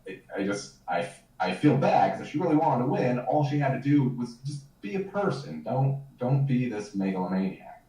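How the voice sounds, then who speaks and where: A man's voice: mid-range voice, sing-song, normal speed, warm tone, reverberant, recorded from a distance, low-quality recording. A man talking in a casual podcast chat with sardonic, articulate wit.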